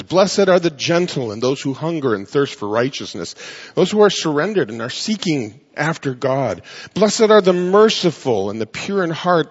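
Husky preacher in a reverberant hall. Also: male voice, a little high, muffled recording. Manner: emphatic preaching, drawn-out stresses and wry asides. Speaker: pastor. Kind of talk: sermon.

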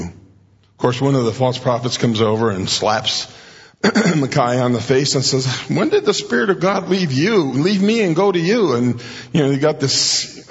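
A man preaching a sermon in a conversational way, often clearing his throat and raising his pitch to act out quoted speakers. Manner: frequent throat clearing and restarts. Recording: dull recording in a reverberant hall.

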